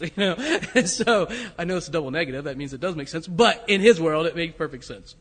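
A man preaching a sermon in a relaxed storytelling way, chuckling at himself as he goes. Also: high voice, moderate pace, few pauses. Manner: storytelling, conversational, self-deprecating with chuckles. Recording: long hall reverb.

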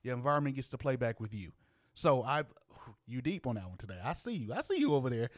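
A man's voice: medium pitch, sing-song, fast, no room sound, clean studio sound. A man co-hosting a casual chat, playful and slangy, laughing often. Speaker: podcast co-host.

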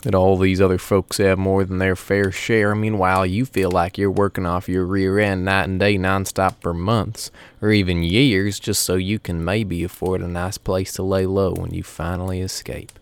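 A man narrating a first-person story in a folksy, unhurried way. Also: low voice, flat delivery, smooth.

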